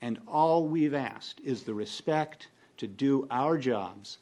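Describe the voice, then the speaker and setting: A man speaks as an elected council member in a council chamber. His voice sits in a middle pitch, and he sounds firm and deliberate, pressing his point with steady insistence. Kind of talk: council meeting statement.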